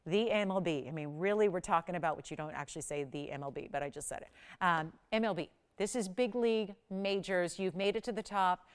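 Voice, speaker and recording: A woman hosting a live home shopping show, pitching jewelry deals in a chatty, energetic way with sudden loud bursts. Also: a little fast, smooth.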